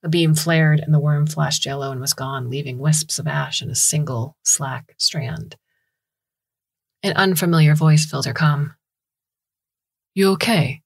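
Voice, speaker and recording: A woman narrating a science fiction story in a measured, steady storytelling style on a close studio mic. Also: sits low, vocal fry.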